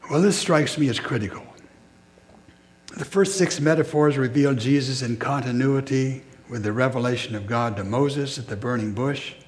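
Man, preacher, measured reflective sermon, short phrases with pauses. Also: mid-range voice.

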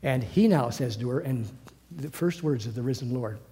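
A man preaching a sermon in an earnest, halting way, often restarting and dropping to soft asides. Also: mid-range voice, animated. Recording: long hall reverb.

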